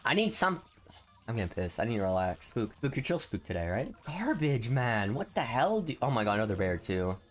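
A young man giving casual gameplay commentary, swinging between low grumbling and excited shouts. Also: a little fast. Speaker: gaming video host.

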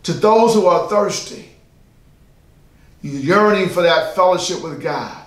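A man's voice: high voice, lively intonation, takes it slowly, roomy sound. A man preaching a sermon as pastor, emphatic and repetitive, asking the listeners rhetorical questions.

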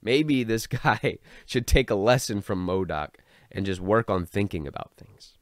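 Man, low voice, sarcastic online commentator, dry close recording. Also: expressive, a little slow, no echo. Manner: sarcastic, mocking. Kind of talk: commentary vlog.

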